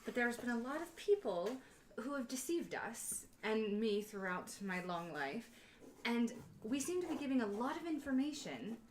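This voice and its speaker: A woman's voice: fairly high pitch, big pitch swings, moderate pace. A woman playing a tabletop game, asking cautious questions in character. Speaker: player. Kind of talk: tabletop role-play.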